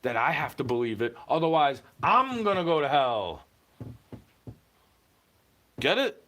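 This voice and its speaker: A man's voice: fairly high pitch, sing-song, a little slow, bright, forceful tone. A young man ranting to camera in a heated, profane monologue, slipping into mocking put-on voices.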